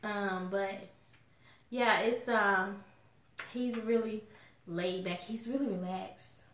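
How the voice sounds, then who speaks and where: A woman's voice: mid-range voice, fairly even intonation, slow, fairly bright tone, a little hiss or hum. Chatty Southern woman, echoey room. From Southern US, Alabama. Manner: chatty, folksy, outspoken. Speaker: mukbang vlogger. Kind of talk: casual chat to viewers while eating.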